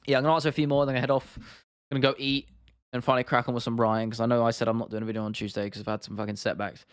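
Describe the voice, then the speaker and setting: A man's voice: mid-range voice, very fast, smooth, no room sound. Casual guy hosting a livestream, loose chatty delivery, clean and close. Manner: relaxed, chatty, answers chat questions with laughs. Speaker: livestream host.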